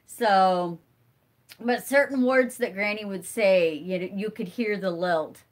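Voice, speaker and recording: A woman's voice: mid-range voice, slow. Chatty middle-aged woman with a stuffy nose. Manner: chatty, reads viewer comments aloud and answers them. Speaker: homesteading channel host. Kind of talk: casual live-stream chat.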